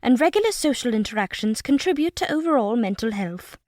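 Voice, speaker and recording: A man reading an audiobook, voicing a calm, precise female android who speaks in a monotone. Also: extremely high pitch, a little fast, no room sound, studio quality, pitched above the performer's own voice. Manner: monotone, matter-of-fact. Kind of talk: audiobook character voice.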